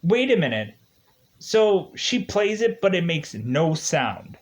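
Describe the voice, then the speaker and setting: A man giving casual, rambling commentary on a mobile game he's playing, chatty and quick to laugh. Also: on the high side, sing-song. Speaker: gaming video host. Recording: dull lo-fi recording.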